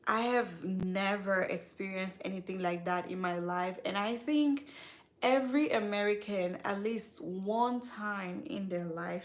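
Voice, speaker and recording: A woman hosting a skincare live stream, chatting casually and straight to her viewers with slangy asides. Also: medium pitch. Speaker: skincare channel host.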